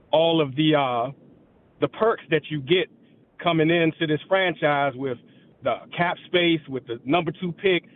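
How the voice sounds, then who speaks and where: Male caller, middle-aged, slightly high voice over a tinny phone line, emphatic. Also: slight background noise. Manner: animated, emphatic fan.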